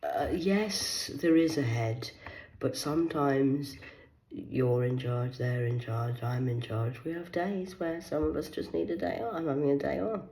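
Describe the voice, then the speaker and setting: A woman from Cornwall, talking alone to camera in a rambling, profane monologue that veers between hushed whispers and loud outbursts. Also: extremely low pitch, a little slow, poor audio. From Cornwall, England.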